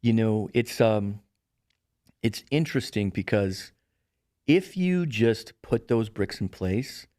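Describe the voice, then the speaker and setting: Middle-aged man, lively storyteller. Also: lowish voice, slow, dry recording, studio quality. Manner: animated storyteller, acts out quoted voices. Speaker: podcast guest, real estate broker. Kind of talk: casual storytelling chat.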